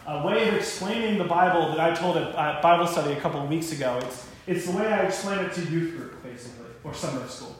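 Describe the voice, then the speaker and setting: Young man preaching in an echoey church. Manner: animated storytelling, voices God and a parent with raised pitch. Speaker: pastor. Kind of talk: sermon.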